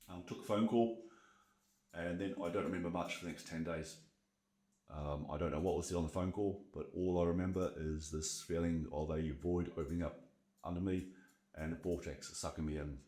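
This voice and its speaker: A man's voice: deep voice, steady tone, moderate pace, darkish tone, echoey room. A man in his forties with a New Zealand accent, a guest telling his own story in a casual podcast interview, candid and reflective with many fillers. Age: 40s. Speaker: guest, burnout coach.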